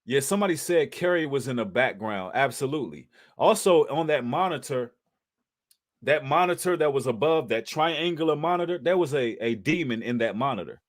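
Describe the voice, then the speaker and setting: A man's voice: medium pitch, lively intonation, fairly quick. Male livestream host, mid-range voice, preacherly and emphatic, street-casual delivery. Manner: emphatic, preacherly, addresses audience as brothers and sisters; casual slang with occasional cursing.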